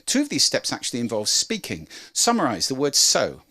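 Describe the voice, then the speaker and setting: A man presenting a talk on how to speak, demonstrating with lively changes of pitch and volume. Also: a little fast. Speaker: speaker on voice and communication.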